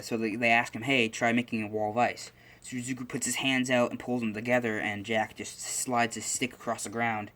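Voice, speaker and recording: A man's voice: lowish voice, a bit bright. A young man casually making up and telling a fan-fiction story, rambling with lots of fillers and restarts.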